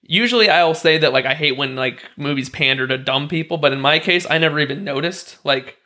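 Hesitant young man, bright and high. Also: a little fast. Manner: hesitant, rambling. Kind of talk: casual movie chat.

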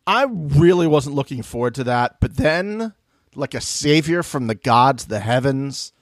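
A man's voice: mid-range voice, lively intonation, unhurried, no echo, studio quality. A man co-hosting a podcast, chatting casually about a reality show and mimicking people in jokey voices. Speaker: podcast co-host. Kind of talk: casual reality TV recap chat.

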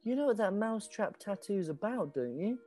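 A nervous young rat in the ranks, as a game master puts him on, speaking higher than usual and tripping over his words. The sound is close and dry. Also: lively intonation, brisk, warm tone, dry recording, soft background music. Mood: worried. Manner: fretful, hesitant, stammering.

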